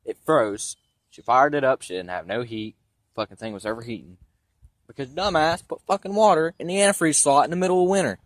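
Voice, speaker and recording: A man's voice: medium pitch, a little fast, no room sound. Rambling, foul-mouthed young man with stuffy sinuses. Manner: rambling, profane, blunt. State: congested from sinus trouble. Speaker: vlogger giving a vehicle tour. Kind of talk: casual storytelling.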